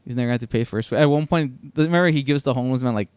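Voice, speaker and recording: A man's voice: medium pitch, rapid-fire, a little mellow, smooth, no room sound. Easygoing man, dry close sound. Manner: easygoing, frequent agreeing "yeah". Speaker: podcast co-host. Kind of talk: casual chat.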